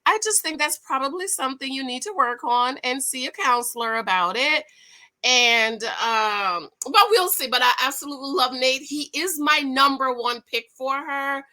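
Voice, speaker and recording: Female vlogger, casual recap chat, slightly high, bright tone; effusive, rambling, self-correcting.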